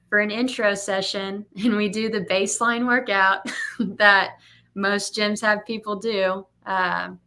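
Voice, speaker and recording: A young woman who owns a gym, chatting casually and telling stories with lively acted-out quotes. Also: medium pitch. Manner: animated storyteller, acts out quotes. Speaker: gym owner and coach. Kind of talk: casual podcast chat.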